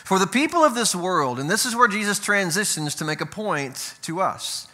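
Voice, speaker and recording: A male pastor delivers a sermon with a bright, forceful tone and a voice sitting a little high. He mixes slow, careful scripture reading with casual asides, often asking "right?" to keep the congregation with him. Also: animated. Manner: conversational preaching with frequent "right?" check-ins.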